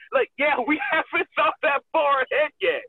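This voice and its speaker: Animated gravelly man on a phone line. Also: extremely high pitch, measured pace, dry recording. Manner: animated, profane, laughs often, acts out quotes. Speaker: wrestler guest. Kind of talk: casual storytelling. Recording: tinny phone-line sound.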